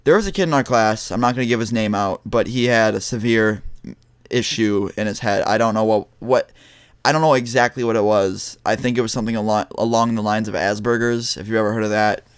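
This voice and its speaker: A man's voice: fairly low pitch, steady tone, fairly quick, clear, resonant tone, no room sound, clean studio sound. A young man vlogging, telling a story to his viewers in a blunt, casual way with lots of swearing and restarts.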